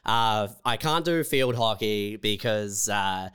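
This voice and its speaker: A man's voice: fairly low pitch, expressive, slow pace, a bit bright, clear, resonant tone. A man co-hosting a podcast, talking in a laid-back, self-deprecating way full of fillers. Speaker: podcast co-host. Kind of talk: casual comedic chat.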